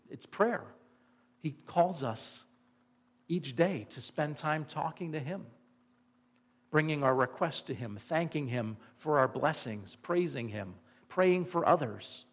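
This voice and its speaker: A man preaching a sermon, earnest and emphatic, asking the listeners rhetorical questions. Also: a little high. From Indiana. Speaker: pastor.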